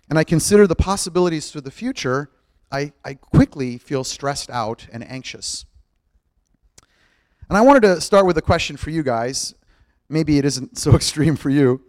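A middle-aged man gives a storytelling sermon in a somewhat high voice, playing every part of his story with self-mocking humor. The sound is dry and close, with little room around him. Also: no room sound. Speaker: pastor.

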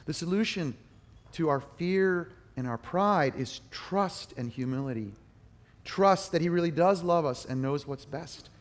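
A middle-aged man preaching a sermon, telling a personal story with animated, emphatic bursts. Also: on the high side, measured pace. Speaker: pastor.

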